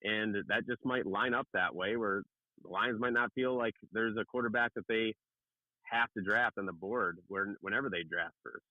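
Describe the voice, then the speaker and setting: A man calling in to a sports radio show as a regular football writer, talking in a relaxed, rambling way. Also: fairly low pitch, normal speed, no echo. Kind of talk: call-in radio analysis. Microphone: phone. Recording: tinny phone line.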